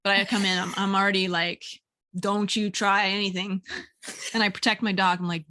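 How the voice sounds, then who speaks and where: A woman hosting a podcast, telling lively stories in casual chat and acting out what people said. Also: medium pitch, moderate pace. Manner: animated storyteller, acts out voices, laughs often. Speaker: podcast host.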